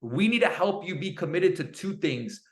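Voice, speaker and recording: A man's voice: sits high, normal speed. Hyped young man coaching his team. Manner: energetic, repetitive, hyped, says "right?" often. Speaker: team leader on a sales call. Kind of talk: motivational coaching talk.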